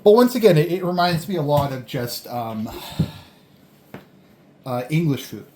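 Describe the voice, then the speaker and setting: Casual food-vlog host, rambling between bites, mid pitch, roomy echo, faint dish clatter. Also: big pitch swings, unhurried, a little mellow, a little hiss or hum. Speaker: food vlogger. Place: indoors at home, eating a delivered meal. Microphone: camera on a tripod.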